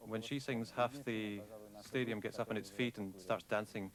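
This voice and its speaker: A man with a fairly low voice introduces a guest in a relaxed, anecdotal way. An audible crowd sits behind his voice. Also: normal speed.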